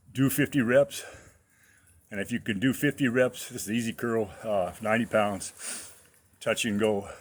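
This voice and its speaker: A slightly out-of-breath man talking casually to camera about his workout, rambling with many fillers. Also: fairly low pitch. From United States. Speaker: fitness vlogger.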